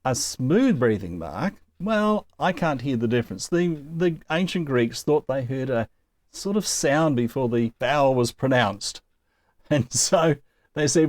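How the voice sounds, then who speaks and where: A man teaches Greek pronunciation slowly and patiently, with a lively voice that rises and falls. The sound is close and dry, with no room echo. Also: medium pitch. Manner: patient, explains step by step with small laughs. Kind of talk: recorded language lesson.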